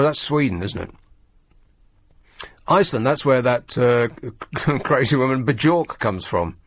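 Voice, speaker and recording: Sardonic man, lively radio host. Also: mid-range voice, no room sound. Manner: sardonic, grumbling, mocking asides. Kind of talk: talk radio monologue. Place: radio studio. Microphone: studio microphone.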